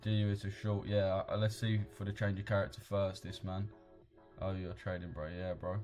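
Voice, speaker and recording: This trading livestream host, a young man with a British accent, keeps things casual and slangy while going through comments from viewers. He speaks at a normal speed in a low, darkish, flat voice, with faint music behind him.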